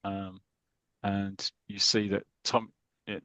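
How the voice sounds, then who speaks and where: A British man on a podcast, casually retelling a football comic story with lots of fillers and quick voices for the characters. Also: fairly low pitch, little pitch movement, a bit bright, no echo. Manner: reads comic dialogue aloud in light voices, hesitant fillers. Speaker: podcast co-host.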